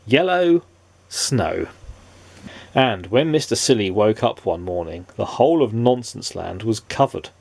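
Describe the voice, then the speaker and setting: A man reading a children's storybook aloud with animated, playful asides to a child listener. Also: lowish voice, a little slow, gravelly, no echo.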